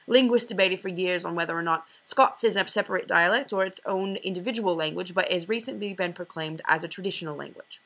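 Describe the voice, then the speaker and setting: A young woman reading a class presentation, slowly sounding out example words one at a time. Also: fairly low pitch, gravelly, fairly bright tone, low-quality recording. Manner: reads slowly, pausing to demonstrate word examples one by one. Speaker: student presenter.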